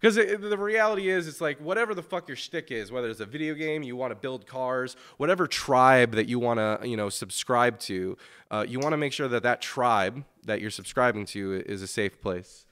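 A man's voice: mid-range voice, moderate pace, fairly bright tone, clean tone. A man hosting a gaming podcast, talking in a loose, rambling way with lots of fillers and restarts, and swearing casually. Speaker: podcast host.

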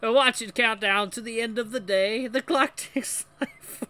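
A man voicing a pompous, wolfish male speaker in a put-on fake French accent, with a slow, grandiose delivery. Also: very high-pitched, pushed and bright, no room sound, pitched above the performer's own voice, exaggerated voice. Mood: dramatic.

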